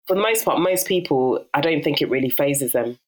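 This young woman's voice is low and a little fast, with a South London accent. As a guest in a casual interview, she brings her stories to life by doing other people's voices, and she laughs often.

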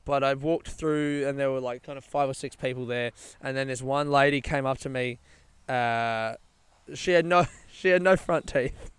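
A man's voice: medium pitch, a bit bright, clean tone, no echo. Rambling, swearing guy. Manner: rambling, swearing, laughing often. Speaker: storyteller. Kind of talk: casual anecdote, monologue.

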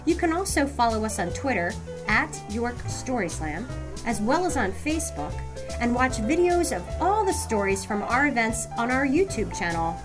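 A woman's voice: fairly high pitch, very animated, normal speed. A woman host reading podcast announcements and credits in an upbeat way. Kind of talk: scripted announcement. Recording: voice over music.

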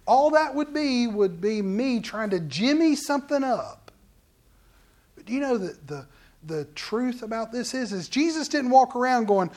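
A pastor preaching a midweek sermon in a conversational way, jumping from loud exclamations to soft, hushed asides. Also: medium pitch, lively intonation, normal speed.

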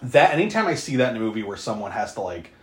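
A podcast co-host recapping a horror movie in casual chat, animated and profane, often laughing. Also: fast, noisy background. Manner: animated, profane, laughing, with sudden pitch jumps. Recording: roomy echo.

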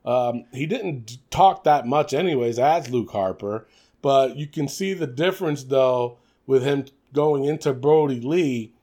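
A man's voice: mid-range voice, unhurried, warm tone. A young man co-hosting a podcast, chatting casually and animatedly, laughing often and talking in fillers. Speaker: podcast co-host. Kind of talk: casual wrestling chat.

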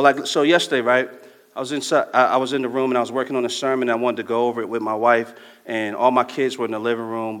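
Animated preacher man in a reverberant hall. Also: medium pitch. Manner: conversational, animated storytelling with slang. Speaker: pastor. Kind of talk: sermon.

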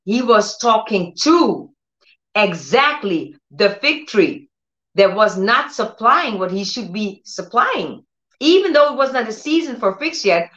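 A woman's voice: medium pitch, sing-song, measured pace, fairly bright tone, reverberant, lo-fi sound. A woman preaching a conversational sermon on her own channel, earnest and repetitive, with many restarts and direct questions to her listeners. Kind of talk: conversational sermon with Bible reading.

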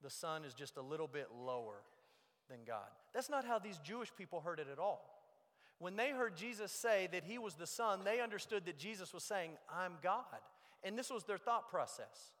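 A man preaching a sermon as pastor, moving between loud emphasis and hushed low lines. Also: expressive, moderate pace. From United States. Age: young adult or middle-aged. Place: church sanctuary. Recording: long reverb of a large hall.

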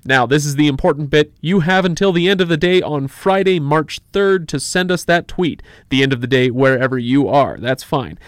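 A man hosts a laid-back podcast, joking around and leaning on filler words as he talks. His voice sits a bit high for a man. The sound is dry and close, with no room echo. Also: normal speed, hardly any pauses. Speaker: podcast host. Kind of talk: casual podcast chat.

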